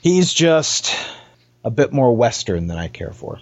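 Man playing a grave old tribal grandfather, formal, measured, dull lo-fi sound. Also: mid-range voice, big pitch swings. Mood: stern. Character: stern dignified old male tribal elder grandfather.

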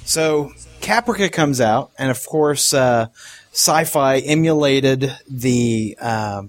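A man's voice: medium pitch, slow. A man hosting a podcast, chatting casually and laughing easily. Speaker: podcast host. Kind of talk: casual chat.

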